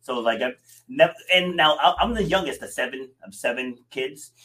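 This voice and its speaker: A middle-aged man coaching clients, speaking in a bright, ringing voice. He talks casually, tells family stories, and often laughs as he speaks. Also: medium pitch, animated, moderate pace. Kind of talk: casual conversation.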